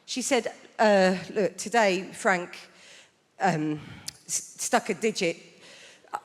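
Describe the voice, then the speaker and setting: A woman's voice: mid-range voice, slow pace. A woman in her thirties doing a wry, conversational stand-up routine on a large theatre stage. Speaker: stand-up comedian. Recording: live theatre with hall reverb and audience noise.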